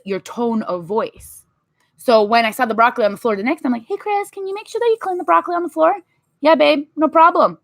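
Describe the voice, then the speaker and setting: A woman in her thirties giving emphatic, animated motivational talk to her viewers, acting out little quotes as she goes. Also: medium pitch, no echo. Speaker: vlogger.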